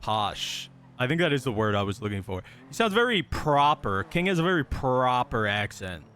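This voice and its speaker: A man's voice: medium pitch, very animated, moderate pace, bright, forceful tone, clean tone. A man streaming a police roleplay game, talking casually with easy swearing and laughter. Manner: laid-back, swears casually, laughs easily. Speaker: streamer playing a police officer. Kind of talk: casual gaming stream and in-game radio chatter.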